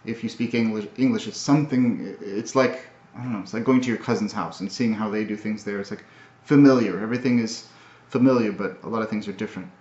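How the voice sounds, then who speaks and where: A man recapping his language studies in a casual video, talking in a halting, thoughtful way with many fillers and restarts. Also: on the low side, steady tone, darkish tone. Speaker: language learner. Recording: roomy, dull lo-fi audio.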